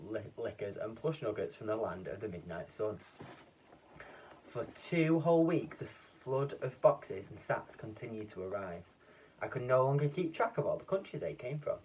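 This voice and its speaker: A man reading a children's book aloud in a lively, expressive way, with a few slips and restarts. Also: lowish voice, breathy edge. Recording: dull, distant lo-fi recording.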